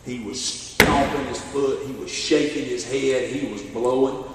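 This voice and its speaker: A middle-aged man with a Southern US accent, a sheriff telling a story in a keynote speech in an animated, folksy way. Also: medium pitch, unhurried, recorded from a distance, very noisy. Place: church hall at a benefit dinner. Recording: echoey hall, voice from afar.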